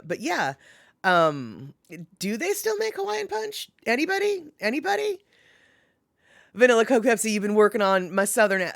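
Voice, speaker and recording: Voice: medium pitch, a bit bright, no room sound, studio quality. A live streamer in casual chat, rambling with many fillers and self-corrections while answering viewers by name.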